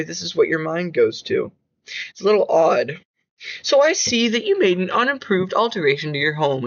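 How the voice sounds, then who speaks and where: A man's voice: fairly high pitch, fairly bright tone, highs cut off. A man narrating his own horror story in an amateur reading, with slips and restarts.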